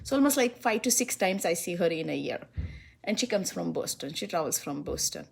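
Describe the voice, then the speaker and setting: A woman's voice: fairly low pitch, very animated, a little fast, creaky, slightly rough. Woman physician giving patient instructions. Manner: instructive, repeats key instructions, laughs easily. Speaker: Ayurvedic physician. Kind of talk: one-on-one consultation with a client.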